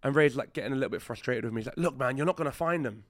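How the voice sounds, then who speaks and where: A man's voice: mid-range voice, very fast, no echo, studio quality. A man telling a story on a podcast in casual chat, swearing freely and acting out the other people's lines. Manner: animated storyteller who acts out quoted dialogue. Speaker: podcast host.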